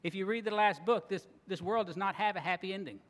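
A man preaching a sermon, earnest and expressive, now and then acting out grumbling voices. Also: high voice, quick pace. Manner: earnest, acts out grumbling voices, laughs at times. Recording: long reverb of a large hall.

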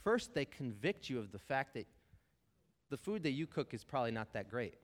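A man's voice: medium pitch, big pitch swings, normal speed. Emphatic man preaching in a reverberant hall. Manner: emphatic, conversational, addresses listeners as "you guys". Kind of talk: sermon.

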